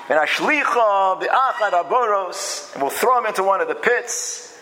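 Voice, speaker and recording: A man's voice: sits high, animated, moderate pace, bright, forceful tone, a little hiss or hum, rough recording. A man giving a lecture-style Torah class, emphatic and repeating phrases as he builds his point. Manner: acts out quoted speech in changed voices. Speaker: Torah teacher.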